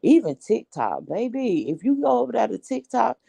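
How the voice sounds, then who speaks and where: A woman's voice: fairly high pitch, sing-song, moderate pace, creaky, dark tone, breathy edge, dry recording. A woman hosting a casual group chat, blunt and slangy, laughing often. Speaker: host.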